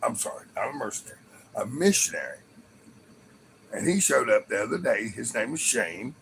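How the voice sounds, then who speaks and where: A man's voice: mid-range voice, very animated, moderate pace, vocal fry, a bit bright, a little hiss or hum, low-quality recording. A man livestreaming from home, telling a rambling story to viewers and laughing often. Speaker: livestream host.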